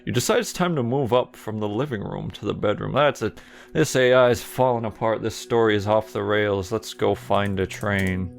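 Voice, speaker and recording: A man's voice: fairly low pitch, normal speed, creaky. A man reading aloud and commenting sardonically on a text adventure game as he plays it. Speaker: gaming streamer.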